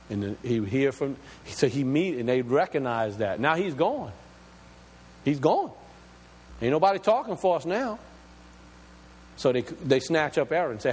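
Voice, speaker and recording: A man's voice: mid-range voice, expressive, normal speed, darkish tone, breathy edge. A male preacher delivering an emphatic teaching sermon, asking questions and explaining scripture word by word. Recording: long hall reverb.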